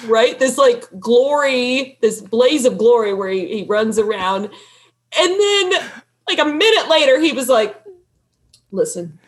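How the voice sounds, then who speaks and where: A woman telling a story as a podcast guest, animated and laughing as she acts out what people said. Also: a little high, measured pace. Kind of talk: casual storytelling.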